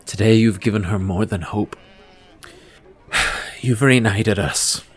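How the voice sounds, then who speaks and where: A man voicing an earnest middle-aged father who speaks haltingly and apologetically. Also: on the low side, husky. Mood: grateful.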